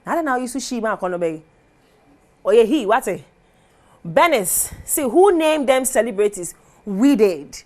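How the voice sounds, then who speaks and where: A woman's voice: on the high side, very animated, moderate pace, long pauses, darkish tone. A woman with a Ghanaian accent hosting a TV entertainment segment, chatting animatedly and laughing as she switches languages. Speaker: TV show host. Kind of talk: casual entertainment commentary. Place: TV studio.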